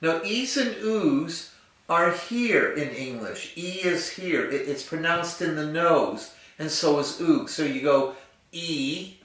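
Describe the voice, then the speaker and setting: A man's voice: on the high side, lively intonation, slow, fairly bright tone. A man teaching a singing lesson, patiently explaining and demonstrating vowel sounds. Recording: roomy, distant mic with piano.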